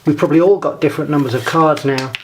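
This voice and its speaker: A man with a slightly raised voice gives a scripted lesson. He speaks in a measured, deliberate way and guides the listener through each step. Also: on the high side, slight background noise. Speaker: presenter. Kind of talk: scripted instructional talk.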